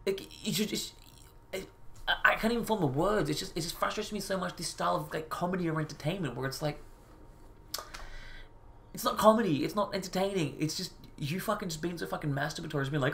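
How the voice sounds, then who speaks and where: A man's voice: high voice, a little fast, creaky, fairly bright tone. Brief: a profane, frustrated male commentator who rants about a video. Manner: profane, exasperated ranting. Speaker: reaction video host. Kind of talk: ranting commentary.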